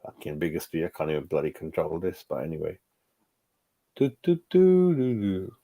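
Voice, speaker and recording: Brief: man, forties, football fan streamer, lively up-and-down delivery, foul-mouthed, chatting to viewers. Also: low-pitched, normal speed, vocal fry, phone-quality sound. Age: 40s. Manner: sweary, animated, talking to chat. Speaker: fan channel host. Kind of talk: live stream reaction.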